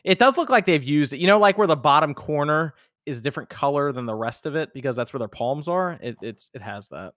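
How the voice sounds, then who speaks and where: A man's voice: fairly high pitch, animated, fast talker, hardly any pauses, a bit bright, no echo. Easygoing male co-host on a stream chat, mid voice, dry close mic. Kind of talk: casual livestream chat.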